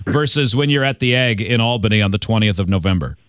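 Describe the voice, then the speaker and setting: A man's voice: fairly low pitch, lively intonation, fast, a bit bright, clean tone, no room sound, studio quality. Easygoing male radio host. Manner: easygoing, laughs often. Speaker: radio morning show host. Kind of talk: casual radio chat.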